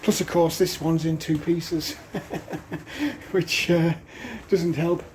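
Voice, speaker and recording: Slow, breathless DIY vlogger. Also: mid-range voice, a little mellow, slight background noise. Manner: chatty, halting, with frequent "uh" and little laughs. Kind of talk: casual narration while working. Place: outdoors at a woodland cabin.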